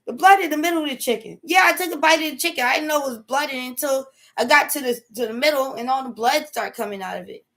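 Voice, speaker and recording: High-voiced woman giving emphatic life advice. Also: quick pace, few pauses, a bit bright. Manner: preachy, emphatic, keeps asking "okay?"; casual slangy speech. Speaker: host. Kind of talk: motivational live talk.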